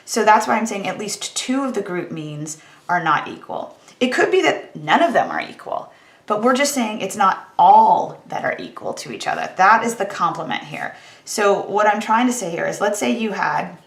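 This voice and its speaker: Woman stats teacher, conversational recorded lecture, gravelly voice, echoey room. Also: medium pitch. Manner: casual, conversational, wry about tedious calculations. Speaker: statistics teacher.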